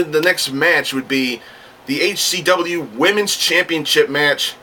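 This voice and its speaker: A man's voice: a little high, pushed and bright, recorded from a distance. A man rambling in a casual talking-to-camera monologue, often restarting his sentences and getting worked up, with some swearing. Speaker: wrestling fan vlogger.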